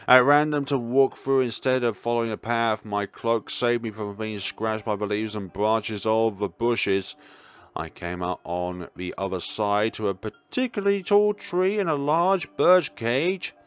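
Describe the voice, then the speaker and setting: A young man reading a visual novel aloud, throwing in animated asides and jokes. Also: lowish voice, a little slow, clean tone. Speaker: gaming YouTuber.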